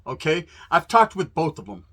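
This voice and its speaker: A man's voice: fairly high pitch, very animated, moderate pace, fairly bright tone. A man from California hosting a profane, fired-up fight promo, talking in street slang laced with Spanish words. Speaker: host. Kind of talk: hyped fight promo monologue.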